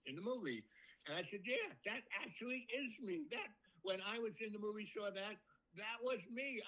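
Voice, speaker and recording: Bright-voiced man rambling through a story. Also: low-quality recording. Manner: rambling, halting with many ums and restarts; lifts voice high when quoting people. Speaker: storyteller guest. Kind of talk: casual anecdote telling.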